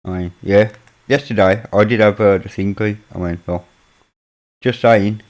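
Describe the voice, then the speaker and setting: A man's voice: lowish voice, fairly even intonation, moderate pace, a little mellow. Chatty Birmingham man. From Birmingham, England. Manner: chatty, mutters while working on his computer. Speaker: live-stream host. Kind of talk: casual chat with chat readers.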